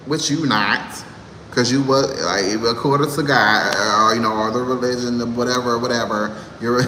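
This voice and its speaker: A man's voice: mid-range voice, big pitch swings, normal speed, bright, forceful tone. A man in his thirties delivering a sassy, exasperated monologue to camera, ranting with laughs. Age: 30s. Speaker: vlogger. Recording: echoey room with long reverb, faint noise.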